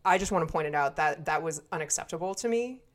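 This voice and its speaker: Low-ish voiced woman in her 20s ranting thru a story, swears a lot, plays out all the back and forth. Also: animated, fast talker. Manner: blunt, heavy swearing, acts out quoted dialogue. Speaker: podcast co-host. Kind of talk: casual storytelling.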